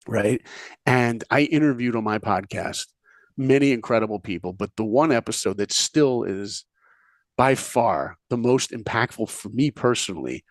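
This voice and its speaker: A podcast guest who is a speaker and filmmaker tells a story in conversation, his pitch very lively and swooping. He animatedly jumps into characters' voices and fires questions at his listener. The sound is dry and close, with no room echo.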